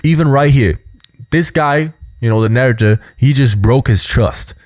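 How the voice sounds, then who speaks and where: A man's voice: medium pitch, moderate pace, a little mellow, dry recording, studio quality. A young man giving casual, explanatory commentary on body language, peppering his points with "you know" and "right?".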